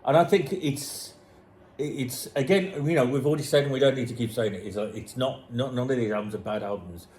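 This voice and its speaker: A man's voice: mid-range voice, fairly quick, darkish tone, slight background noise. Hesitant man in his forties, casual. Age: 40s. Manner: hesitant, restarts, agreeable. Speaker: guest. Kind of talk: casual music chat.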